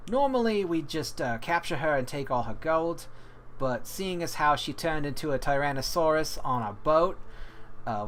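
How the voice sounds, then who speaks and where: Wounded pirate first mate woman, halting and pained, voiced by a male game master. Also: medium pitch, fairly bright tone, slight background noise, lightly acted. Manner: halting, pained, full of fillers.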